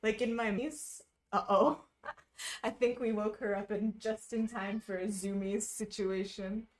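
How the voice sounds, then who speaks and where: A woman's voice: medium pitch, fairly even intonation, unhurried, slight background noise. A woman streaming casually, chatting with viewers while she stitches, full of wry asides and frequent laughter.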